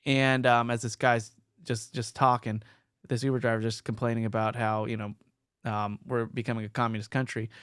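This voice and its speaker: A man's voice: medium pitch, normal speed, clean tone, no echo, clean studio sound. A man hosting a podcast, telling stories in casual chat and reading out listener comments. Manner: animated storytelling, reads listener comments. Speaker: podcast host.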